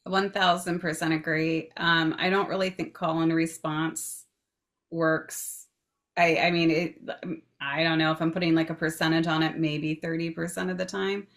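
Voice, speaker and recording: A woman's voice: low-pitched, little pitch movement, moderate pace, a bit bright. A woman in a casual chat, easygoing and a bit hedging as a guest. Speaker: paranormal investigator guest.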